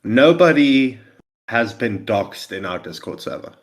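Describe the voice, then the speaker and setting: A man's voice: mid-range voice, animated, a little slow. A man co-hosting a casual podcast, arguing his points emphatically. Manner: emphatic, argumentative. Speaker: podcast co-host and moderator.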